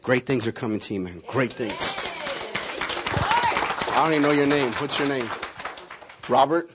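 A man preaching a sermon, speaking prophetic words over a congregation member and telling lively stories. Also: medium pitch, moderate pace, a loud crowd, heavy background noise. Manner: animated storytelling with prophetic declarations. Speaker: pastor.

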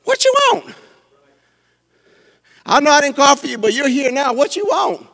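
A man's voice: very high voice, sing-song, normal speed, creaky, a bit bright, in a large hall, voice pushed up, exaggerated voice. A man voicing a delighted, smitten king who whoops and talks eagerly.

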